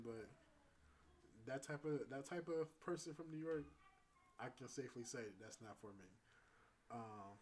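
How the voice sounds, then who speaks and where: A man's voice: mid-range voice, darkish tone, a little hiss or hum, low-quality recording. A man in his thirties telling a story casually on his vlog. He rambles and is full of fillers, often laughing. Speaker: vlogger. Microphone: phone with external mic.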